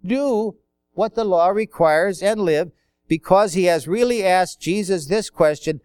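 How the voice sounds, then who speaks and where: A man's voice: sits high, a little slow, a little mellow, clear, resonant tone, no room sound. A man preaching a sermon in a conversational way, asking rhetorical questions and acting out quotes.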